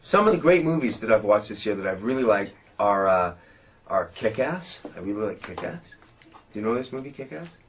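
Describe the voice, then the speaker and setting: Joking Canadian man with a lively voice. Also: on the low side, fairly quick, a little hiss or hum. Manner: jokey, self-mocking, rambling. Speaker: interview guest. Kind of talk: playful interview chat.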